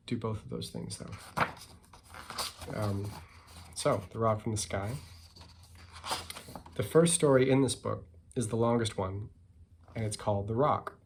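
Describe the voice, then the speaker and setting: Relaxed man reading his picture book. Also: lowish voice, gravelly, a little hiss or hum. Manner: relaxed, self-deprecating, with fillers. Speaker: picture book author and illustrator. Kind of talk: reading aloud and talking about his book.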